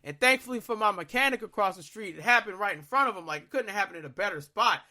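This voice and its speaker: A young man on a podcast, telling a story in casual, profane chat that swings into loud, exasperated outbursts. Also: high voice, expressive, fast. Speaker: podcast co-host.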